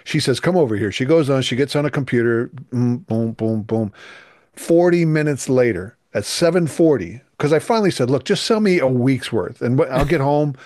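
A man's voice: mid-range voice, expressive, moderate pace, darkish tone, no echo, clean studio sound. A middle-aged man, a youth minister, telling an emotional personal testimony in an earnest, emphatic way. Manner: earnest, emphatic, voice rising with feeling.

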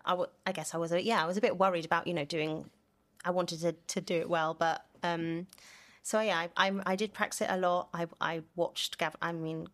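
A young woman from London talks through an interview in a notably low voice. She is chatty and loose, full of fillers, and she laughs as she tells her stories. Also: fairly even intonation, a little fast, fairly bright tone. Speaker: actor, interview guest. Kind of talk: casual interview chat.

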